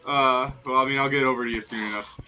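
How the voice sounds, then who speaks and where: A man chatting casually while streaming a video game, jokey and excitable, laughing often. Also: medium pitch, quick pace, clear, resonant tone. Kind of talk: casual gameplay chat.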